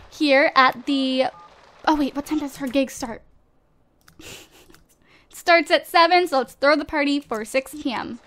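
A woman's voice: sits high, fairly bright tone. A woman giving casual, chatty gameplay commentary straight to her viewers, recorded on a desktop USB microphone at home. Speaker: let's play host.

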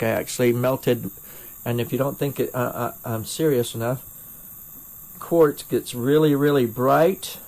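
A middle-aged man with a North Carolina accent chats through a live glassblowing demo at a mid-range pitch. He rambles, restarts his sentences and makes fun of himself as he answers viewers. The sound comes from a first-person camera mic at his home torch bench. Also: normal speed, a little mellow. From North Carolina, USA. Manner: rambling and self-deprecating, with frequent restarts. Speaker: glassblower streaming torch demos.

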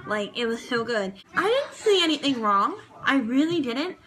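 A woman with a bright, fairly high voice gushes her way through a casual vlog review. She rambles, piles on fillers and keeps circling back to how much she loved things. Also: big pitch swings, normal speed, poor audio. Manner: gushing and rambling, many fillers. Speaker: vlogger reviewing a TV dance show.

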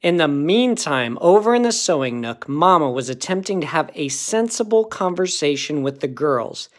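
A man reading a children's picture book aloud, narrating in an expressive, unhurried way. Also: on the high side. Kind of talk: storybook read-aloud.

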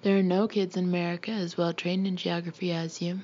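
A woman voicing a gruff bossy Marine father. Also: fairly low pitch, little pitch movement, brisk, warm tone, lo-fi sound, slight background noise, lightly acted. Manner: blustering, barking questions. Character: gruff domineering Marine officer father, middle-aged.

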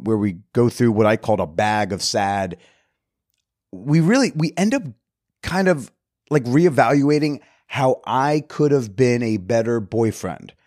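A man in the middle of his pitch range talks candidly and casually as a podcast host, swearing freely while reflecting on himself. The recording is dry, with no room sound around his voice. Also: darkish tone, no echo. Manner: candid, profane, self-reflective. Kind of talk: casual storytelling.

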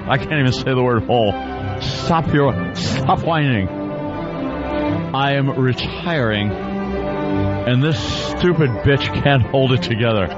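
A man's voice: mid-range voice, animated. A man doing a bumbling solemn anchorman. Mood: mock solemn. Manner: mock-solemn newsreader delivery with deliberate mispronunciations. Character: veteran male TV anchorman, solemn, stumbling on words. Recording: muffled radio broadcast with music.

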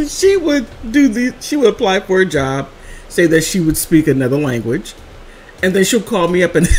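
Animated woman telling stories, laughing. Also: low voice, normal speed, a little hiss or hum. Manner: animated, laughs often between phrases. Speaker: vlogger. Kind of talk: casual storytelling vlog.

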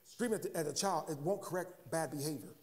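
Talking fast with a slightly high voice, an American man preaches as a pastor. He stumbles through restarts, repeats his words, and keeps checking in with the congregation by asking "huh?" between points.

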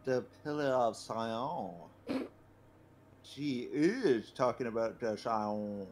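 A man in a casual let's-play, reading game narration aloud slowly and hesitantly. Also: medium pitch, lively intonation, darkish tone, a little hiss or hum.

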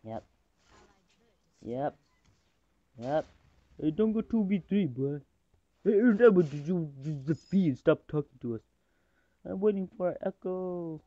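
A man talks through his own game match in a fairly high voice, rambling between plays and getting excitable when fights break out. He speaks at an unhurried, slow pace. The recording is dull and lo-fi. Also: no room sound. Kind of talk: casual gameplay commentary.

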